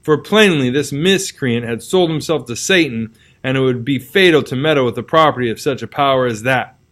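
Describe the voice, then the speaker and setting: A man reading a classic novel aloud as narrator, in a measured, dramatic storytelling manner. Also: medium pitch, a bit bright.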